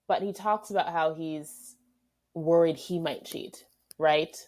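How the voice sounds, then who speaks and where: A woman's voice: sits low, steady tone, slow pace, a little mellow. A woman co-hosting a podcast, giving frank, opinionated takes in casual TV review chat. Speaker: podcast co-host.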